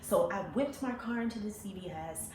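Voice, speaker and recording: Animated woman telling a personal story. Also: mid-range voice, moderate pace, a little hiss or hum. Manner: animated, laughing, acting out quoted voices. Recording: roomy echo with faint ambience.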